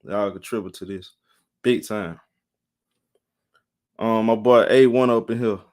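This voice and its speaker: Tired live-stream sports host, rambling. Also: male voice, fairly low pitch, fairly even intonation, a little slow, darkish tone. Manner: rambling, repeats himself, greets chat viewers by name.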